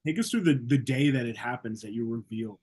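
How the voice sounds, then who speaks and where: A man's voice: medium pitch, quick pace, darkish tone, slightly rough. Easygoing male podcast interviewer. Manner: encouraging, asks follow-up questions. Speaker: podcast host. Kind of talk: casual interview.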